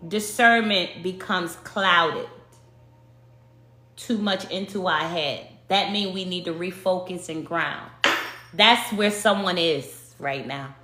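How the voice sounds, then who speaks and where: Slow, bright-voiced Brooklyn woman. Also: mid-range voice, a little hiss or hum. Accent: New York. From Brooklyn, New York. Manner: slow, emphatic, addresses the audience as collective. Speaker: tarot card reader. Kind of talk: spiritual card reading to the viewers. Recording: echoey room with faint music.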